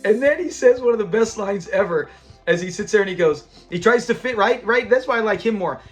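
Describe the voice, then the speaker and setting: A man reviewing a TV episode in a casual, animated retelling, laughing often and acting out the characters' lines. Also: sits high, fairly quick, soft background music.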